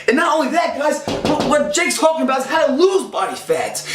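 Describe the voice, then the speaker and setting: A man's voice: extremely high pitch, very animated, a little fast, echoey room. A man in his thirties giving a casual motivational fitness talk, intense and profane, rambling, his voice rising when he gets fired up.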